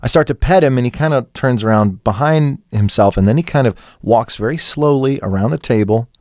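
This is a man co-hosting a comedy podcast, spinning a crude anecdote in an easy conversational way. He gets animated and swears freely, his voice sitting at an average pitch. The sound is close and dry, with no room around it. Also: a little fast, no echo. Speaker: podcast co-host. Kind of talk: casual comedic storytelling.

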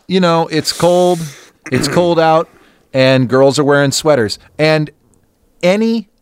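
Lively rambling male podcast co-host. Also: smooth, no echo. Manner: rambling, restarts, lively pitch swings. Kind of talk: crude casual banter.

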